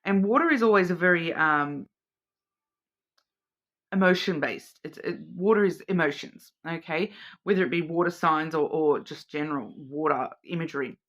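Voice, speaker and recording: Hosting her weekly oracle card reading, this woman speaks at a moderate pace in a low-pitched, fairly bright voice. She thinks out loud, circling back over words as she looks for their meaning, and keeps asking the listener "okay?"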